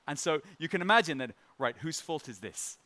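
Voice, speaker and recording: A man's voice: on the high side, expressive, a little fast, sharp tone. Chatty middle-aged man preaching a sermon. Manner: light-hearted storytelling with chuckles; conversational, with frequent fillers and restarts.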